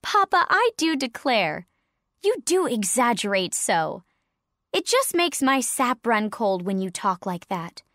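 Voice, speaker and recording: A woman's voice: on the high side, big pitch swings, a little slow, a bit bright, dry recording, studio quality. A woman doing a prim, genteel mother pine tree. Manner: prim, old-fashioned genteel phrasing.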